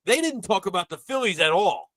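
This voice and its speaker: A man's voice: high voice, very animated, brisk, fairly bright tone, dry recording, rough recording. A man hosting a casual sports podcast, ranting animatedly with exasperation. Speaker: podcast host.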